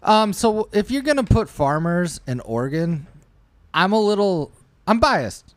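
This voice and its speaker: A man co-hosting a podcast, chatting casually about a movie in an animated, jokey way and often stumbling over his words. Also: sits high, measured pace, no echo. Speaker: podcast co-host.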